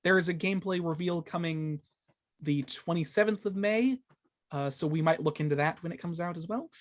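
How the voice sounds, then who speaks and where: A man's voice: a little high, a little fast. A man hosting a casual gaming podcast, rambling with lots of fillers and stumbling over his words, swearing when he loses track. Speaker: podcast host.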